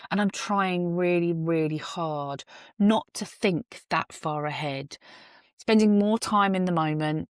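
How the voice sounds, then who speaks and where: Talking into a phone in her parked car, a podcast host reflects alone, earnest and musing, occasionally self-deprecating. She has a low voice, and the recording is dry with clean studio sound.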